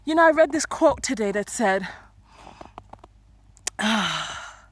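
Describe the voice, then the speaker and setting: A woman giving earnest life advice in a vlog, filmed outdoors in the snow, repeating phrases and swinging between loud and hushed. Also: a little high, very animated, takes it slowly. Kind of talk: motivational vlog.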